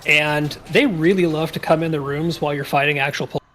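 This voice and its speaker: A man leading an online game group, explaining the route with relaxed, wry humor. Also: on the high side, brisk, slight background noise. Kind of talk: casual gaming chat.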